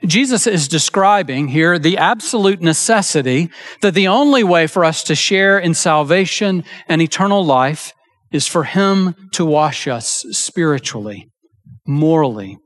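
A man preaching with a slightly higher voice than most men. He delivers his sermon earnestly and emphatically, slowing down on key phrases and voicing quoted lines with feeling. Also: expressive, a bit bright. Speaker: pastor.

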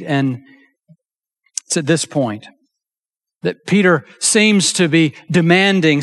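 A pastor preaching a sermon in an earnest, emphatic way, slowing down to stress key phrases and acting out quoted lines. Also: male voice, a little high, a bit bright.

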